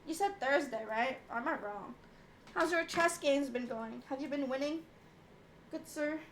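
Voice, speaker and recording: A woman's voice: high-pitched, normal speed, slight background noise. A woman streamer chatting casually and playfully with her viewers, teasing them and asking how they are.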